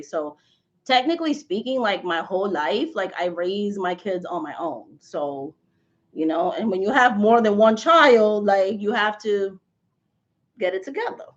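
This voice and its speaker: A woman in her forties chatting casually with viewers, telling animated stories and laughing often. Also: medium pitch. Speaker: spiritual reader and channel host. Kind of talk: casual live chat with viewers. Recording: dull lo-fi livestream audio.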